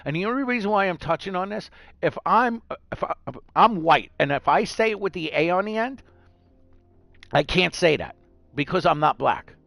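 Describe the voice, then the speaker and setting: A fired-up man rants to camera in a raised, gravelly voice that swings wildly up and down. He swears freely and jumps between scornful put-on voices. The sound is dry and close, with faint music underneath. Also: high-pitched, expressive, moderate pace, a bit bright, dry recording. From New York. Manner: heated, profane ranting with mocking put-on voices. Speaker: gaming vlogger. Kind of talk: angry rant to camera.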